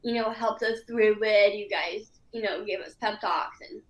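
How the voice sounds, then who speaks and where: A woman's voice: mid-range voice, normal speed. Woman, actress, casual chat, hesitant, echoey room. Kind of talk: casual virtual cast chat.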